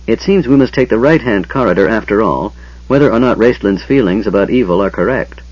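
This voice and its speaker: A man's voice: lowish voice, expressive, fairly quick, darkish tone, breathy edge, no room sound. A man voicing a stern male half-elf warrior leader who speaks firmly and snaps when irritated. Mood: tense. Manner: firm, snappish, commanding. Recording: dull lo-fi sound.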